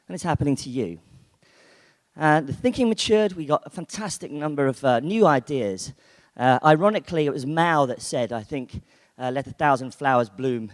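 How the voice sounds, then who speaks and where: A man giving a chatty conference keynote, full of fillers and restarts. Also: mid-range voice. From United Kingdom. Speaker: conference speaker. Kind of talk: keynote talk. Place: conference hall. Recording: long hall reverb.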